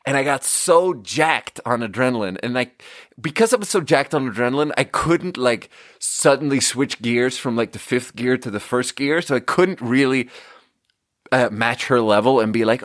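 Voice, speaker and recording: A man's voice: medium pitch, expressive, moderate pace, dry recording, clean studio sound. A young man hosting a podcast, telling a story in a casual, profane way and laughing often. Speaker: podcast host.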